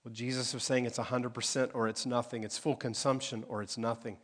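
A man preaching a sermon as pastor, conversational and direct with his congregation, swinging from emphatic peaks to quiet asides. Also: medium pitch, little pitch movement, fairly quick.

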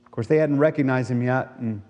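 A pastor preaching a sermon, retelling a scripture story and asking the listeners rhetorical questions. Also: male voice, mid-range voice, a little fast, a little mellow, in a large hall.

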